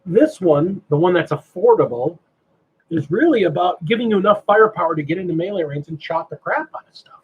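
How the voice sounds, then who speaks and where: A man hosting a casual livestream chat, animated and asking himself rhetorical questions. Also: high-pitched, fairly quick, slightly rough, narrow, tinny audio. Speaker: stream host.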